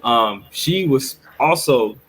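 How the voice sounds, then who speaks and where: A man's voice: mid-range voice, lively intonation, slow pace, a bit bright, a little hiss or hum, rough recording. A man co-hosting a podcast, telling a story in a rambling, earnest way full of restarts. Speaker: podcast co-host. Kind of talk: casual storytelling chat.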